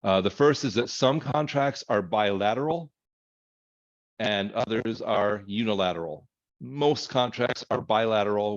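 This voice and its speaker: Casual low-voiced male lecturer, muffled. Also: a little slow. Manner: conversational, thinking aloud with fillers and self-corrections. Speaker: instructor. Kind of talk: recorded lecture.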